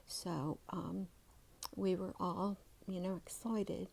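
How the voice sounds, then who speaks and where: A middle-aged woman softly telling a personal story, halting with many ums, then reading from her journal. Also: on the low side, fairly even intonation, creaky, husky. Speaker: channel host telling a family story. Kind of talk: soft-spoken whispered storytelling.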